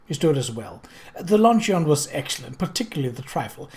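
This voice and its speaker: A reader voicing a mild, tactful English gentleman who steers talk diplomatically. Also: low-pitched, big pitch swings, a little fast. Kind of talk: audiobook character voice.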